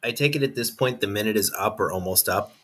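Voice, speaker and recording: A young man at a tabletop game, with a bright, forward voice. He talks eagerly and asks about rules. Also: on the low side, quick pace. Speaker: player. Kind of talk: casual chat at a tabletop game.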